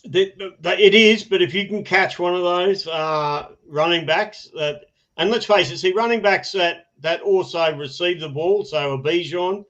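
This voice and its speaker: A man hosting a podcast, talking in a fairly high voice and rambling with lots of laughs and restarts. The audio is dull and lo-fi. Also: a little slow, fairly bright tone. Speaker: podcast host. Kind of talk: casual podcast chat.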